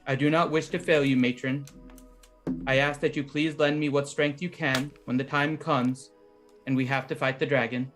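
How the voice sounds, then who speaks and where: A man's voice: medium pitch, flat delivery, moderate pace, a bit bright, faint music behind. A man playing a tabletop game, reading his character's prayer in an earnest, solemn way. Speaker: player.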